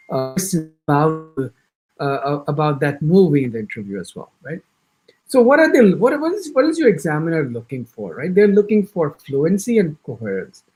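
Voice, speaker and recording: Animated male instructor with an American accent. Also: a little high. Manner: animated, talks fast in bursts with many restarts; acts out sample exam answers. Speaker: IELTS instructor. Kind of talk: orientation lecture.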